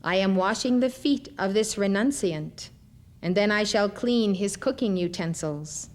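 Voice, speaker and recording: A woman's voice: mid-range voice, animated, unhurried, natural voice. A woman voicing a humble, serene old holy teacher who speaks mildly.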